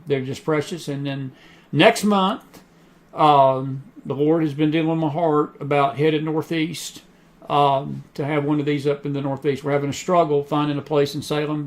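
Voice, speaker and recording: A man with a high, light voice hosts an online talk show from what sounds like a home studio. He talks in a loose, chatty way, trailing off and restarting often, with plenty of ums and uhs between his thoughts. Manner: chatty, rambling, many fillers. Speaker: host. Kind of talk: casual talk show monologue.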